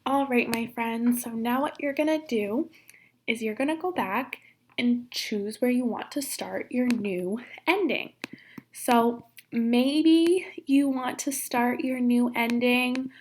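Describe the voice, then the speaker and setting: A woman teacher reading a fairy tale aloud to children and encouraging them, expressive and friendly. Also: on the high side, a little hiss or hum. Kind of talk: read-aloud story and class instructions.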